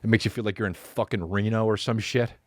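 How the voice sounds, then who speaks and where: A man in his forties, a podcast host telling a comedic story as a profane, animated rant full of acted-out voices. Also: lowish voice, a little fast, no echo.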